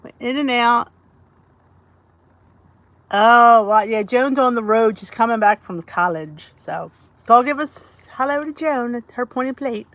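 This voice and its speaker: A talkative woman hosts a casual livestream on her phone from indoors. She chats and greets viewers by name, her voice sitting a little high. The sound is close and dry. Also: measured pace, a bit bright, no room sound. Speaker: livestream host.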